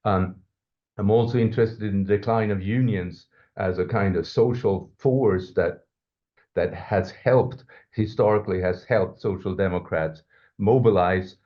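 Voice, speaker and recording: A low-voiced male professor answers questions on a podcast, thinking aloud and hedging as he goes. He often restarts his sentences, and the recording sounds dull and lo-fi. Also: steady tone, measured pace. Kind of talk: academic interview answer.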